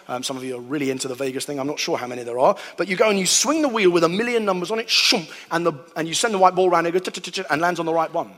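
A man giving a lively, animated talk to an audience, acting out sounds and voices. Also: fairly high pitch, rapid-fire, few pauses. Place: hall with a live audience. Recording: long hall reverb.

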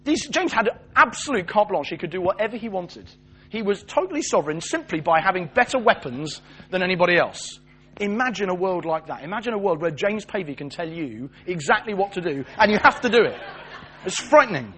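A British man giving a lively sermon, jokey and animated, acting out voices as he tells the story. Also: sits high, a little fast, a little hiss or hum. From Britain. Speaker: preacher.

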